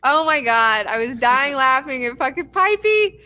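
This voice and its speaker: Young woman, casual TV recap, excitable, profane, highish voice, bright tone. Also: slow pace, clean tone. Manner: profane, excitable, acts out characters' lines. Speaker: TV recap host.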